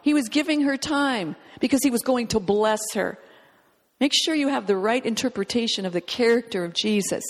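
Fervent female preacher, fairly high voice, emphatic delivery, long hall reverb. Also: lively intonation, moderate pace. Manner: fervent, emphatic, reads scripture aloud. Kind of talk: sermon.

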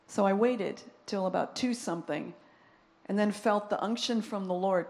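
A woman's voice: medium pitch, normal speed, vocal fry. A woman telling a personal testimony, animatedly acting out both sides of phone calls. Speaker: church member giving a testimony. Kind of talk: testimony storytelling.

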